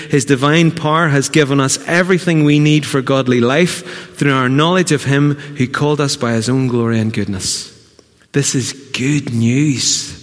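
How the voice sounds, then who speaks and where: Northern Irish male pastor preaching with fervor, loud then hushed, in a reverberant church. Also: mid-range voice. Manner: impassioned, shifting from loud exclamations to hushed asides. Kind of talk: sermon. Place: church hall.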